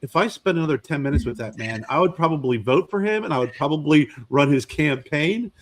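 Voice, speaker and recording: With a voice on the high side and a slightly fast delivery, this man co-hosts a podcast. In casual conversation he tells animated stories, voicing the people he quotes.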